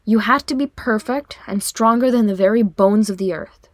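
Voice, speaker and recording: A woman's voice: normal speed, dry recording, clean studio sound, lightly acted. A woman voicing a cheeky little dwarf brother. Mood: earnest. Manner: bright, teasing, high and pleading. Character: young male dwarf, small, cheeky and teasing. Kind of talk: audiobook reading.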